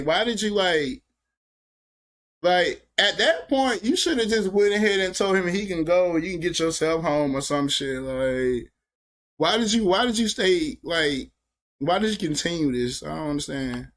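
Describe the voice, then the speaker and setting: A man reacting to a clip, talking loosely in slang and feeling his way through his points. His voice is a little higher than most men's. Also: animated, moderate pace, fairly bright tone. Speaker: reaction show host. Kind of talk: casual reaction commentary.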